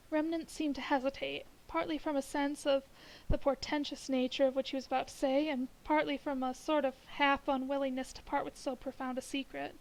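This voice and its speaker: A woman reading a classic horror story aloud in steady, unhurried narration on a live stream. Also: high voice, poor audio.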